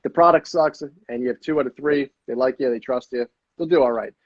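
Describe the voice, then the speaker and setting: A man chatting as a podcast guest, energetic and swearing freely, often acting out sales calls. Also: medium pitch, fairly quick, no room sound, dull audio. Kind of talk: casual podcast chat.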